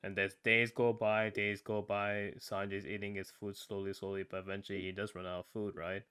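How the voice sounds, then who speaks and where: A man in a casual podcast review chat, retelling a story with animated asides and acted-out lines. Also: fairly low pitch, a little fast, smooth. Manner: animated retelling, acts out lines in other voices; casual, uses "man" and "right?" often. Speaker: podcast panelist.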